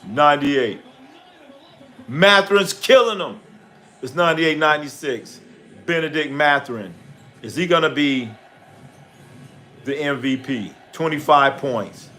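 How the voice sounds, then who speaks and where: A man hosting a live sports stream, chatting casually and profanely, telling stories and reading out chat names. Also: on the high side. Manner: animated when acting out stories. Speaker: livestream sports host. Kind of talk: casual live commentary and storytelling.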